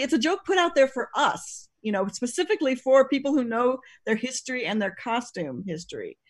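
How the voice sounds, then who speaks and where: Chatty woman with a slightly high voice. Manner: rambling, profane, full of restarts. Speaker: podcast co-host discussing costumes. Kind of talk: casual chat.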